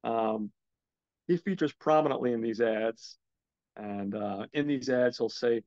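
Alone on his film podcast, a man casually reviews movies, rambling with lots of ums and cursing whenever his gear acts up. He speaks unhurriedly in a slightly mellow mid-range voice, recorded without echo but muffled.

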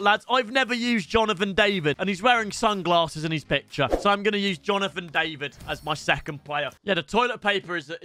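A young man giving energetic, cheeky commentary on his game to his chat, often bursting into hype shouts. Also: high-pitched, dry recording. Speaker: gaming YouTuber. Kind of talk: energetic pack-opening commentary.

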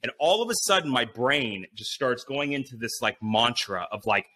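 A man guest on a podcast, telling an animated story full of swearing and fillers, acting out his own inner voice. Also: medium pitch, normal speed. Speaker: podcast guest, BASE jumper.

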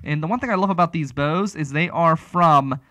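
A man's voice: fairly high pitch, moderate pace, bright, forceful tone, no room sound. A man hosting a casual talk show, rambling and chatty, with many restarts. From Pittsburgh area. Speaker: radio talk show host.

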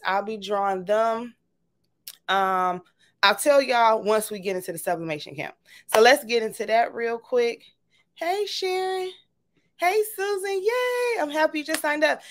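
A woman hosting a casual livestream, bubbly and greeting her viewers one by one. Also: on the high side. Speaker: livestream host.

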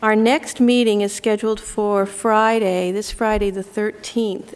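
A woman's voice: mid-range voice, darkish tone. A woman on a school board giving a subcommittee report at a public meeting in a businesslike way, with some hesitant fillers. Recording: long reverb from a meeting hall.

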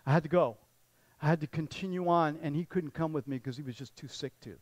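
A man's voice: a little high, fairly quick, no room sound, rough recording. A man pastor giving a conversational sermon, often repeating words and restarting sentences.

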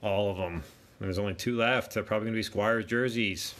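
A man with a lowish, slightly bright voice talks fairly quickly as he hosts a card break. He reels off card names casually while chatting to himself between packs.

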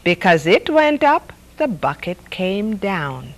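Slow, lively woman reading picture books aloud. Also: mid-range voice, rough recording. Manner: lively, playful read-aloud with sound effects. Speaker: story hour host.

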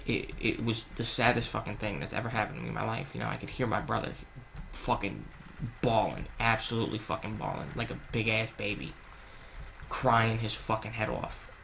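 A man's voice: on the low side, gravelly, sharp tone, slight background noise. A man casually narrating a personal story while playing a game, swearing a lot and restarting his sentences, earnest and confessional. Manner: casual, heavy swearing, many fillers and restarts. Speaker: gaming channel host.

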